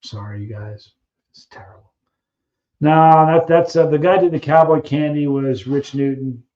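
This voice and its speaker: A man's voice: fairly high pitch, normal speed, darkish tone, lo-fi sound. A man hosting a casual live stream, chatting loosely with viewers, reading out their questions and trailing off while he searches for names.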